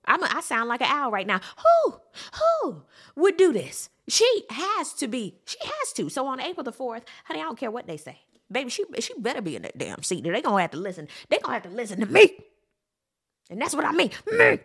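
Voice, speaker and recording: A woman hosts a casual commentary show, talking straight to her listeners. Her voice sits fairly high and swoops up and down as she fills her talk with asides and emphasis. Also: fast, hardly any pauses, breathy edge. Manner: animated, talks straight to her audience with many asides.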